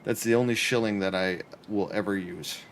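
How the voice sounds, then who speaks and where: This casual gaming stream features a Canadian man in his apartment, chatting and joking with viewers as he plays. His voice is on the low side, steady in tone, at a normal speed, with slight background noise.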